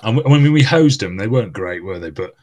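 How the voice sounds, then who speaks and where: A man's voice: lowish voice, lively intonation, fast, a little mellow. A man hosting a podcast, reminiscing in casual chat with a former teammate, rambling and laughing often as he talks.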